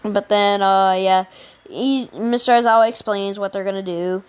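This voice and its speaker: A woman's voice: medium pitch, steady tone, moderate pace, clean tone. Rambling, slangy woman telling a fan story. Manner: rambling, slangy, profane, laughs often. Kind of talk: casual fan story retelling.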